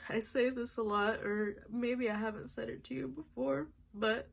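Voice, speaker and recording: A young woman recording a halting birthday message to her grandmother, crying as she talks, with many pauses and restarts. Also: on the high side, steady tone, creaky, low-quality recording.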